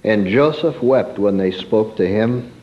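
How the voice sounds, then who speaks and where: A man preaching a sermon in a storytelling way, swinging from emphatic peaks to soft, quiet asides. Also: on the low side, a little slow, lo-fi sound.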